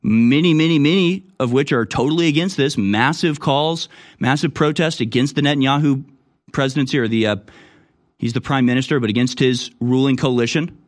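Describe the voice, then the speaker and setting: A man's voice: medium pitch, a little fast. A man hosting online news commentary, reacting to clips in an indignant manner with sudden exclamations. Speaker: political commentary host.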